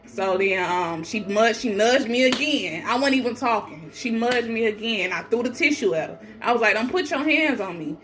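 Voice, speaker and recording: A woman's voice: fairly high pitch, normal speed, hardly any pauses, a bit bright. A pregnant woman telling her own story in casual talk. She is blunt and defiant, swears freely, and acts out other people's lines in shifted voices. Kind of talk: casual first-person storytelling.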